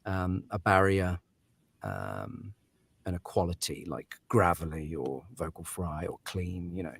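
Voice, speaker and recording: Soft-spoken man, low and dry. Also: expressive, unhurried, gravelly, husky, dry recording. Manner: thoughtful, laughs often, trails off with fillers. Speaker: audiobook narrator, guest. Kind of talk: casual interview talk.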